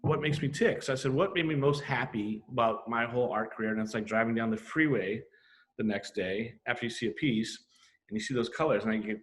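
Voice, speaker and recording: A middle-aged man with a mid-range voice talks fairly quickly as a graffiti artist guest on a podcast. His chat is casual and profane, and he animatedly acts out the quoted exchanges in his stories.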